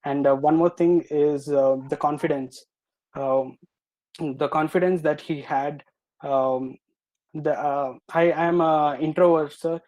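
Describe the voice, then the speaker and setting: A nervous young man answering a panel's questions, hesitating with many filler pauses. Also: on the high side, steady tone, darkish tone, poor audio. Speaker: student presenter.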